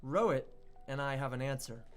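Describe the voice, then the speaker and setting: A young man hosting an online radio livestream, chatty and excitable, reading viewer chat and hyping an upcoming release. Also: mid-range voice, normal speed, soft background music. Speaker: online radio show host.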